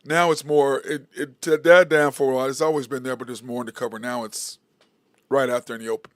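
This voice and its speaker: A man with a high voice hosts a sports talk show and delivers a blunt, heated monologue, swearing as he goes. The recording is dry and close, with no room around him. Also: no room sound. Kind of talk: opinionated monologue.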